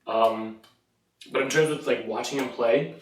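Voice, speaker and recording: A man's voice: medium pitch, unhurried, slight background noise. A man co-hosting a casual sports podcast, with dry teasing remarks. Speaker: podcast co-host. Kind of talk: casual chat. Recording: echoey room, mic at a distance.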